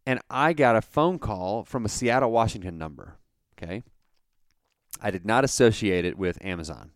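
Podcast host, middle-aged man, low and smooth, rambling storyteller. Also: moderate pace, no echo, clean studio sound. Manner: rambling, animated anecdote with many restarts. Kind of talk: casual storytelling chat.

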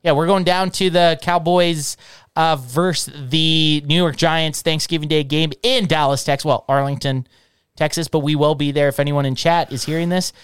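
Loud excitable man, clear voice. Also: on the high side, moderate pace, no room sound. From Canada. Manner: loud, excitable, swears freely. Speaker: podcast co-host. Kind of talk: casual chat.

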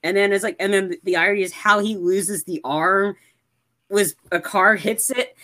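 A man's voice: high voice, steady tone, moderate pace, pushed and bright. A young man in casual movie chat, retelling scenes animatedly and jumping into exaggerated voices.

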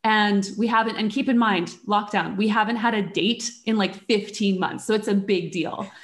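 A woman co-hosting a podcast, a coach who tells a personal story in a chatty, animated way and swears freely. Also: mid-range voice, moderate pace. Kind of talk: casual chat. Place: lives in Germany.

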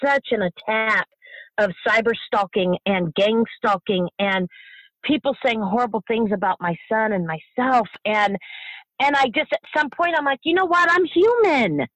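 A middle-aged bereaved mother, a guest in an emotional interview, speaking passionately and haltingly, repeating herself, at times near tears. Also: mid-range voice, no room sound, rough recording.

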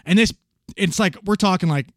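A man casually telling a paramedic story, animated and swearing freely as he acts out the voices of the people in it. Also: sits high, fairly quick, dry recording, studio quality.

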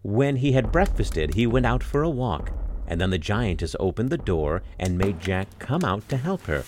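A man narrating a fairy tale in an expressive, storytelling way. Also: on the low side, background noise. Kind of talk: dramatic fairy tale reading.

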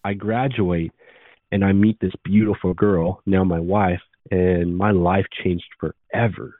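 Guy in his 30s with a really low voice telling his story fast and earnest, sounds like a dry tinny phone line. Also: steady tone, no echo. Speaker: podcast guest. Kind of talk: storytelling interview.

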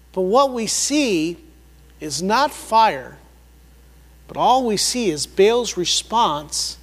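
A pastor delivers a sermon in a notably high voice for a man. He leans hard on key words and repeats them for emphasis, swinging between loud passages and hushed ones. The sound carries a long reverb, as if recorded in a large church hall.

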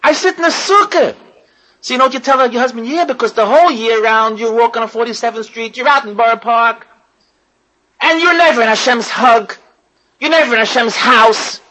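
A woman's voice: a little high, a little fast, bright, forceful tone, low-quality recording. A woman giving an impassioned religious lecture to women, repeating phrases and putting questions to her listeners. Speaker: religious teacher.

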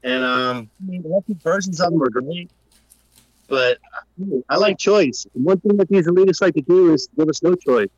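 A man's voice: a little high, moderate pace, a little mellow, dry recording. A male musician calling into a talk show, rambling and opinionated, heard over an internet call. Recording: dull, dry internet call audio.

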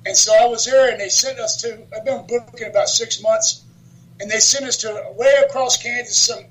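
A man being interviewed as a guest, telling wrestling road stories in a lively way, laughing often and swearing freely. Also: extremely high pitch, moderate pace, low-quality recording. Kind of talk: casual storytelling interview.

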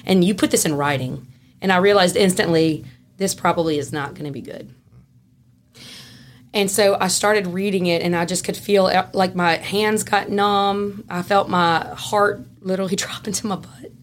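A woman with a Louisiana Southern accent, a podcast guest telling a story in casual, animated fashion, laughing and swinging between loud and hushed. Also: lowish voice, normal speed, a little hiss or hum. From Southern United States. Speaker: podcast guest, former prison classification officer.

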